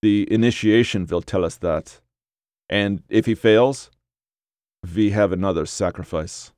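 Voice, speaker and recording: A sinister magician with a grainy voice, low, relaxed and always in control, as a male narrator voices him. His deep tone stays calm and measured. The recording is dry and close. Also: no echo, close to an everyday voice. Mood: cold.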